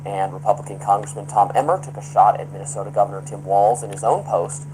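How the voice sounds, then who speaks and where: A man reading a broadcast news report in a measured, formal delivery, played back as a clip. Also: lowish voice, steady tone, a little mellow, a little hiss or hum, rough recording.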